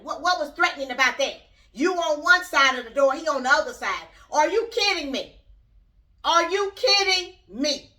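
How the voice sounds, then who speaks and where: Bright-voiced blunt woman vlogger. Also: sits high, distant mic. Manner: blunt, rambling, talks straight to viewers. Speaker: YouTube channel host. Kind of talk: casual opinion vlog.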